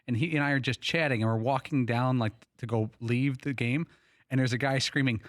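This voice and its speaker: A male show regular telling an animated story in casual studio banter. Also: mid-range voice, fairly quick, dry recording. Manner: animated storyteller, shouting quoted lines.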